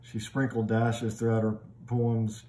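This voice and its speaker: A middle-aged man giving a recorded literature lecture in a conversational way, often repeating words as he thinks and slowing down to read poem lines aloud. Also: on the low side, completely flat delivery, mellow, a little hiss or hum.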